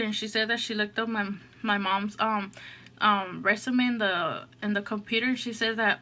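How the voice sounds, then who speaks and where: A woman's voice: medium pitch, steady tone, normal speed, sharp tone. A woman hosting an eating show, telling a story in a rambling, casual way full of "like" and "oh my gosh.". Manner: rambling, filler-heavy, lots of "like" and "oh my gosh".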